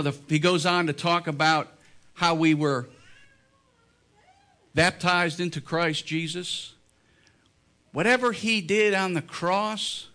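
A man's voice: high voice, a bit bright. A man preaching a sermon as pastor, reading scripture and explaining it emphatically, his voice climbing when he stresses a point. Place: church.

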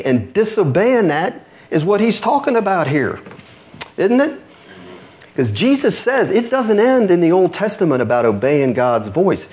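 A man preaching a sermon, reading scripture aloud in a lower, slower voice and lifting his pitch to drive points home. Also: sing-song, a little mellow. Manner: reads scripture low and slow, then rises to press points.

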